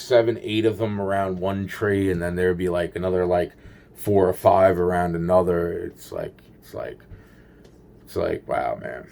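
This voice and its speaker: A man's voice: low voice, gravelly, a little mellow. A man rambling through a paranoid personal story, swearing constantly and restarting his sentences.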